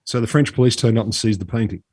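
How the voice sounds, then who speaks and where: A man's voice: mid-range voice, fast, a little mellow, dry recording, studio quality. A man co-hosting a podcast, telling a story in a chatty, swearing, casual way. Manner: chatty, swears freely, drops into mock voices. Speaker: podcast co-host.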